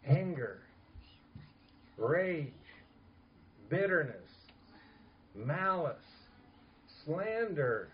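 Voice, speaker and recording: A man preaching a sermon in an earnest, emphatic way, dropping to soft asides. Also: a little high, very animated, drawn-out words, pauses often, highs cut off, a little hiss or hum. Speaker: pastor.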